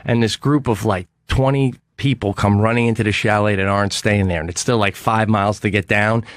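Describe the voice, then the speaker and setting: Man, casual storytelling, animated, swears, dry close studio mic. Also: fairly low pitch, a little fast, dry recording. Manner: animated, acts out quoted people; swears freely.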